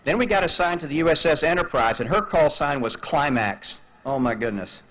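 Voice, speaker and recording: An older man stands at a graduation and tells a personal story, his voice sitting a little high for a man. He tells it in an animated way and acts out the radio calls he heard, like a seasoned speaker holding an outdoor crowd. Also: a little fast. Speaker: commencement speaker. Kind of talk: storytelling speech.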